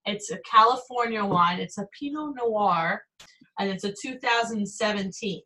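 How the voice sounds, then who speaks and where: A woman's voice: mid-range voice, moderate pace, pushed and bright, low-quality recording. A woman in her thirties co-hosting a podcast in casual chat, chatty and self-mocking, laughing along. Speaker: podcast co-host.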